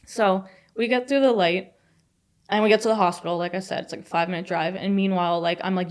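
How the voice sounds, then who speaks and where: A woman's voice: mid-range voice, fairly even intonation. Chatty young woman telling a story. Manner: fast, chatty, filler-heavy. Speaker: podcast guest. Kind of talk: casual storytelling.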